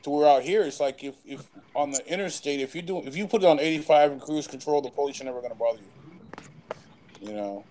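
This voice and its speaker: A man's voice: fairly high pitch, a little fast, dark tone, poor audio. A man in casual late-night chat on a remote call, rambling with lots of fillers and loose swearing. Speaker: panel guest.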